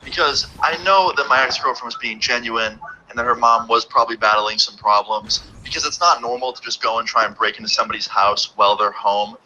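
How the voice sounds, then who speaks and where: Animated young man telling a storytime. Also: mid-range voice, a little fast, hardly any pauses, rough recording. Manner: animated, incredulous, swears freely. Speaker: YouTuber. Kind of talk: storytime narration over gameplay. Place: home computer setup. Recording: gunfire from game noise behind.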